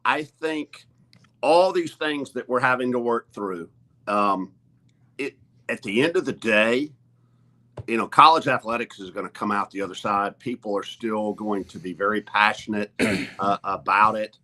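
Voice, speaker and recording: A man's voice: on the low side, a little slow, sharp tone. A man who is a college athletic director, talking earnestly as a guest on a sports talk show, stopping and restarting often with lots of fillers.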